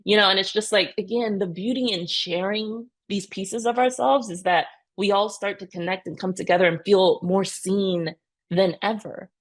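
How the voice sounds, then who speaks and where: A woman in her thirties, a podcast guest telling her story with earnest, animated energy. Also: medium pitch, moderate pace. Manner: earnest, animated retelling with many "you know" and "right?". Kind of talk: conversational interview storytelling.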